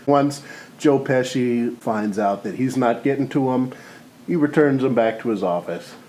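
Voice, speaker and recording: A man co-hosting a comedy podcast, rambling through a movie pitch full of "you know" and "or whatever" and laughing often. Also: measured pace, darkish tone, a little hiss or hum, low-quality recording. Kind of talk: casual comedic chat.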